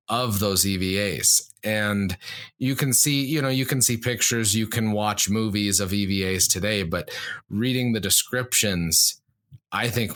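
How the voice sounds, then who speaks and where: A man's voice: on the low side, fairly bright tone. A man hosting a podcast, asking long rambling questions in a friendly tone. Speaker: podcast host. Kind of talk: casual interview talk.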